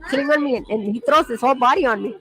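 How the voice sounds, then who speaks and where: A woman's voice: sits high, rapid-fire, crowd noise. A woman, a mother, talking casually in a vlog, chatty and exasperated as she scolds her toddler. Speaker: mother and vlogger.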